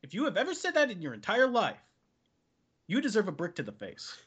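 A woman's voice: medium pitch, wildly swooping pitch, brisk, breathy edge. A woman co-hosting a podcast in casual chat, ranting animatedly with lots of swearing. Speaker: podcast co-host.

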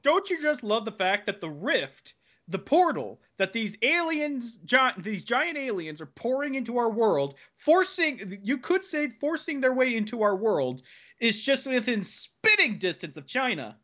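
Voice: medium pitch, sing-song, measured pace, a bit bright. A podcast co-host in casual chat, ranting sarcastically.

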